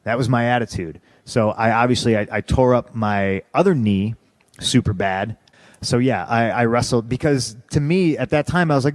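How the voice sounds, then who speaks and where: A man's voice: medium pitch, moderate pace, no room sound. A man in an interview telling his story bluntly, swearing often and restarting his sentences. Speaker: interview guest. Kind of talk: candid conversational storytelling.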